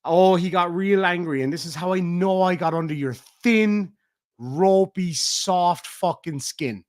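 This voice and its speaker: A middle-aged Irish man rants on a livestream, full of swearing and mockery. His voice sits a little high. He jumps from loud bursts to low mutters. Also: a little slow. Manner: profane, taunting, swings between loud and muttered. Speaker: streamer. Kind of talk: heated livestream rant.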